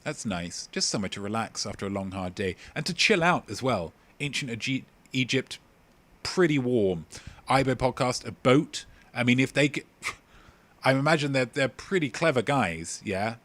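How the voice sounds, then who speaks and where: A man's voice: medium pitch, lively intonation, moderate pace, a bit bright. A young man hosting a casual livestream quiz, joking and rambling as he reads out answers from viewers. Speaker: quiz host.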